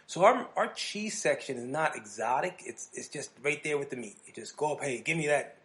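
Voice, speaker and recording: A man's voice: a little high, sing-song, normal speed, fairly bright tone. A man from New Jersey hosting a podcast, telling rambling stories in casual chat and laughing easily. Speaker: podcast host.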